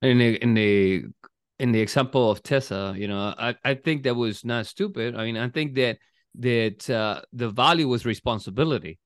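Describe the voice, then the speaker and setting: A man chatting as co-host in a measured, reflective way, often checking in with "right?". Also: mid-range voice, dry recording, clean studio sound. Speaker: podcast co-host. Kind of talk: casual conversation.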